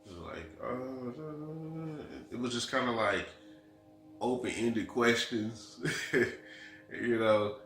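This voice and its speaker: A man's voice: medium pitch, slow pace, fairly bright tone, soft background music. A young man recounting a story alongside his wife in a casual vlog, rambling earnestly and quoting what was said. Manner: rambling, earnest retelling with quoted dialogue. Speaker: husband co-hosting the vlog. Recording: echoey room.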